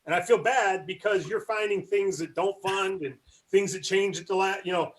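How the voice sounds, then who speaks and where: High-voiced man leading a training call. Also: normal speed. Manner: encouraging, praising teammates. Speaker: sales team leader running a training call.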